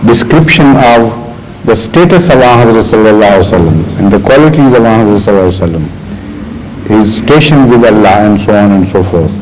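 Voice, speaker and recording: A man answering audience questions in a session, speaking deliberately with frequent pauses and restarts. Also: fairly low pitch, expressive, darkish tone, a little hiss or hum, poor audio. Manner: deliberate, halting, with many fillers and restarts. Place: hall in England.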